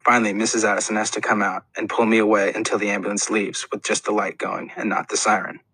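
A man's voice: fairly low pitch, level tone, quick pace, sharp tone, slightly rough, low-quality recording. A man reading a first-person audiobook in an earnest, plain storytelling manner. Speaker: audiobook narrator.

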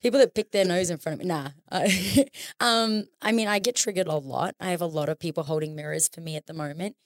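A woman's voice: on the low side, fairly quick, no room sound, clean studio sound. A woman in her thirties, a podcast guest, talking candidly in casual conversation, swearing freely and acting out the voices in her head.

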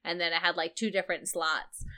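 An American woman in casual conversation, telling lively stories and putting on quick voices for the people in them. Her voice is bright and forceful, with an easy, chatty delivery. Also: on the low side. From United States. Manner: animated storyteller, acts out quotes with laughter. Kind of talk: casual chat.

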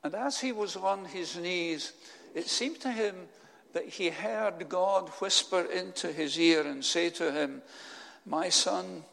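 A man preaching a sermon, telling a story with slow, solemn pauses. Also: sits high, gravelly, a bit bright, long reverb tail.

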